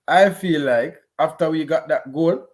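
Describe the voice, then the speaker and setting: A man with a Jamaican accent giving an animated, patois-heavy post-match reaction on a football game. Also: fairly high pitch, takes it slowly. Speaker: football fan pundit.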